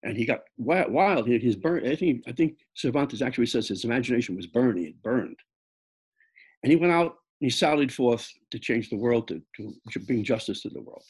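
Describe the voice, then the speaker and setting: A man's voice: medium pitch, expressive, a little fast, darkish tone, slightly rough. An older man from the Bronx, an author telling personal stories in a reflective way that halts often and repeats words. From the Bronx, New York. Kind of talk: personal storytelling talk.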